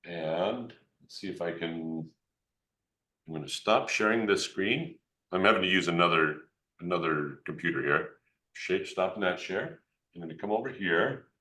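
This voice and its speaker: A man's voice: sits low, normal speed, pushed and bright. A man, a geologist, giving a joking, informal live demonstration of an electron microscope over a video call and chatting with a child. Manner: playful, joking, talks to a child.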